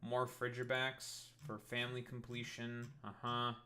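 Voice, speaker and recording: A man's voice: mid-range voice, completely flat delivery, measured pace, bright, forceful tone. Profane rambling young male streamer. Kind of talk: casual live-stream commentary.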